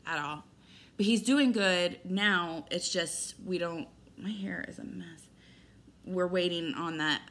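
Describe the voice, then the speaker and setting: A woman's voice: lowish voice, fairly bright tone, slight background noise. A middle-aged woman giving a rambling, candid personal update as a vlogger, retelling events with quoted dialogue.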